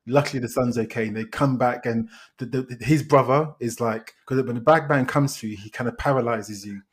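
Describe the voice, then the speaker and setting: A man retelling a film plot in casual podcast chat, animated and exasperated, with frequent restarts. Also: medium pitch, brisk, slightly rough. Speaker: podcast host, film reviewer.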